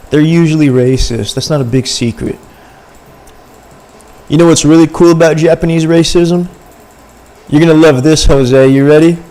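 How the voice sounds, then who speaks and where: Talking to his chat on a livestream, a young man rambles casually and leans heavily on slang. His voice sits in the mid-range with a slightly mellow quality.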